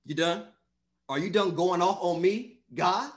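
A preacher voicing an exasperated God. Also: male voice, high voice, a little slow. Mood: exasperated rebuke. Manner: rebuking with pointed questions. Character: exasperated, stern male God.

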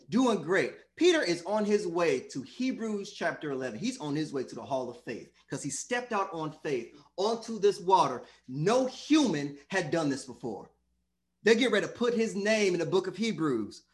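Male preacher, high voice, very lively pitch, theatrical delivery. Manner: animated, acts out voices of people in the stories. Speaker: preacher and teacher. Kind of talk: sermon with Bible study.

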